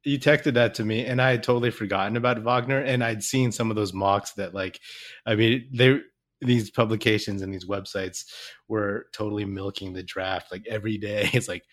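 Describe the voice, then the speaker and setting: A man co-hosting a casual sports podcast, excitable, laughing often and restarting his sentences. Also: on the low side, normal speed. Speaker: podcast co-host.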